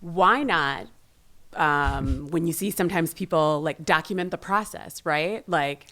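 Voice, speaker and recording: Woman hosting a podcast, lowish voice. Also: unhurried, fairly bright tone. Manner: brief affirmations, then chatty questions. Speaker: podcast host. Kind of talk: podcast interview.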